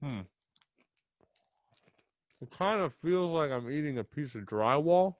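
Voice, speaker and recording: A man's voice: a little high, lively intonation, measured pace, no room sound. A young man hosting his podcast alone, chatting loosely and rambling, with casual swearing. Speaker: podcast host. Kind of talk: casual solo podcast chat. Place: small home studio. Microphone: desk mic in front of a camera.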